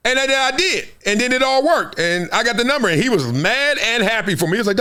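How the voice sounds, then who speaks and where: A man's voice: very high voice, brisk, hardly any pauses. A man in his fifties hosting his own show, telling loose, slang-heavy stories and acting out the people in them. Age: 50s. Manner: animated, street slang, acts out quoted voices. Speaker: show host. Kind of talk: casual storytelling to camera.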